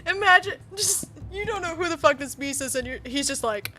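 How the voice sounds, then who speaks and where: A woman's voice: sits high, moderate pace, few pauses, soft background music. A young woman streaming a visual novel, reading the lines aloud and reacting with gasps, laughs and swearing. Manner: excitable, swearing, gasping and laughing.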